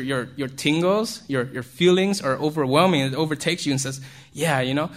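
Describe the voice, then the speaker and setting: A man's voice: on the high side, fairly bright tone. A man giving an informal sermon to young people, keeping it conversational and checking in with his listeners as he goes. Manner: conversational, keeps checking in with "right?"; chuckles between points. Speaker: youth speaker.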